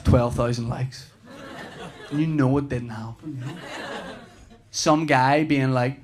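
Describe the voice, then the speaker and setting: A man in his thirties doing a stand-up routine, telling stories with animated delivery, laughing and shouting at punchlines. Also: medium pitch, unhurried, pauses often. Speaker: stand-up comedian.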